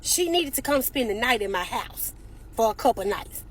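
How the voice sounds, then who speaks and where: A woman telling a comic family story in an animated, exasperated way, acting out the quotes. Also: a little high, moderate pace, breathy edge.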